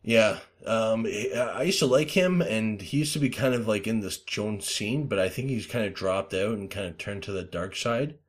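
A man hosting a loose podcast chat in a lowish voice. He rambles through stories with lots of fillers and swears, and bursts into loud, acted-out quotes. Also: animated, normal speed, hardly any pauses. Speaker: podcast host.

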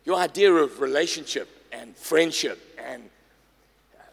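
A man, a pastor preaching a sermon, telling a story with lively acted-out dialogue. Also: fairly high pitch, a little slow, creaky, breathy edge. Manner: animated, acts out quoted dialogue. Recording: long hall reverb.

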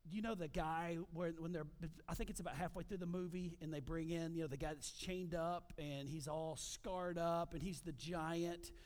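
A man preaching a sermon as pastor, animated, with frequent asides to the congregation. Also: on the high side, normal speed, few pauses.

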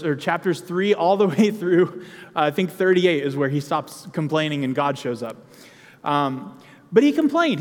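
A man delivers a sermon in a chatty, personal way, now and then breaking into emphatic bursts. His voice sits high for a man. The sound carries the long reverb of a large hall. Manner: conversational preaching with emphatic outbursts. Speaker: preacher.

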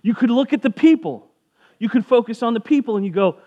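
A man's voice: very high-pitched, animated, a little fast, dull audio. A man giving a casual sermon as a pastor, conversational and jokey, briefly acting out voices of people in the story.

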